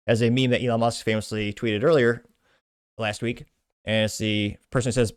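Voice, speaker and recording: A man's voice: on the low side, flat delivery, normal speed, smooth, no room sound. Stumbling self-mocking male show host. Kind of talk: casual commentary reading social media posts.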